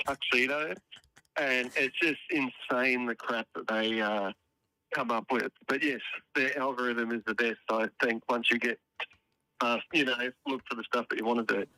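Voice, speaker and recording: A man's voice: medium pitch, bright, forceful tone, no echo, rough recording. A man calling in to a live show, chatting in a rambling, wry way with dry jokes. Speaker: call-in guest. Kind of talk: casual phone-in chat.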